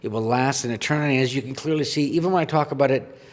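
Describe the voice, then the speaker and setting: Speaking very fast in a mid-range voice, a Canadian former goaltender appears as a podcast guest and tells an emotional story. He is earnest and heartfelt, reading a list of names aloud, and the reverberant room gives the recording a long hall reverb.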